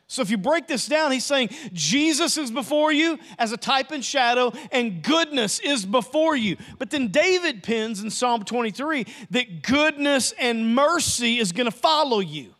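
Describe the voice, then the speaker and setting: A man preaching a sermon as pastor, emphatic and repetitive, swinging between loud passages and hushed ones. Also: very high-pitched, lively intonation, moderate pace, hardly any pauses.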